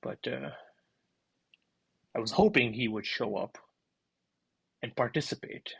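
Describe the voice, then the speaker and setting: A man voicing a thin, frail, elderly butler who speaks with stiff formal politeness, softly and low in his husky voice. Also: a little slow, dry recording, full character voice. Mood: somber. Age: older.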